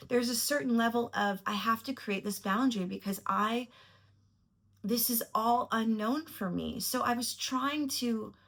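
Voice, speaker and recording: A woman's voice: on the high side, unhurried, a bit bright. A woman telling a personal story to camera in a reflective, earnest way, at times emotional. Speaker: vlogger.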